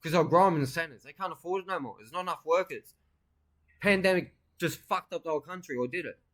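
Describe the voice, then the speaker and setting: A man with a loud, ranting way of talking, swearing through crude casual banter and jokes as co-host. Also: a little high, fast.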